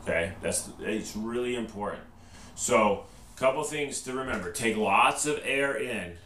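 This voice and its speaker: A man's voice: medium pitch, expressive, measured pace, a bit bright. A male band teacher giving a patient step-by-step trumpet lesson, checking in with "okay?" after each step. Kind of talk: instructional video lesson. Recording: roomy echo, distant mic, faint noise.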